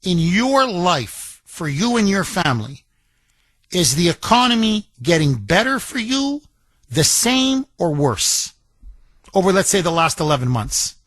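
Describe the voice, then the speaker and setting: A man's voice: high-pitched, big pitch swings, measured pace, a bit bright, dry recording. A man hosting a call-in talk radio show, chatty and folksy, often cutting in on callers.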